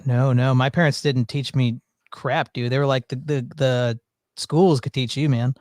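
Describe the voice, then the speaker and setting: A man's voice: medium pitch, steady tone, normal speed, darkish tone, no echo, clean studio sound. A man hosting a casual chat, telling rambling stories with many fillers and restarts. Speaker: podcast host.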